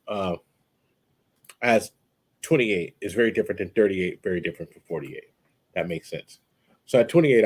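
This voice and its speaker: Husky male host, animated storyteller, casual stream banter. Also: on the low side. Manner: animated storytelling, mimics people in quotes. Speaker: podcast host. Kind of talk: casual live-stream chat.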